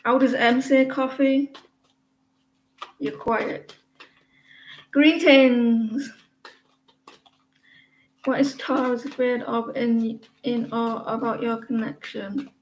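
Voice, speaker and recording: A woman reading tarot cards on a live stream, chatting with viewers and explaining the cards in a slow, halting way, with many fillers and restarts. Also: a little high, little pitch movement, roomy sound, slight background noise, poor audio. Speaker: tarot reader.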